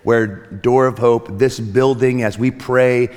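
A man's voice: mid-range voice, fairly even intonation, takes it slowly, a little mellow, in a large hall. A man preaching a sermon as pastor to his church, earnest and reflective, with frequent restarts and light joking. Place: church sanctuary.

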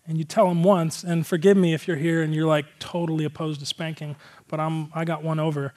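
A man's voice: fairly high pitch, brisk, darkish tone. A male pastor giving a casual, conversational sermon, earnest and rambling, with a lot of filler words.

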